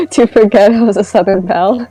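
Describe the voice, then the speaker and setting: A woman's voice: mid-range voice, sing-song, moderate pace, warm tone, slightly rough, soft background music, rough recording. A woman playing in a tabletop game, chatting hesitantly and giggling. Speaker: player. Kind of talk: casual chat.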